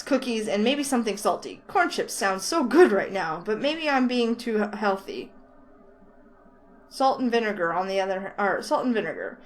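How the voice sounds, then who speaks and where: A woman's voice: on the high side, rough recording. A woman reading a visual novel aloud in the first person, breaking off for chatty, giggly asides about the script. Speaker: let's play host.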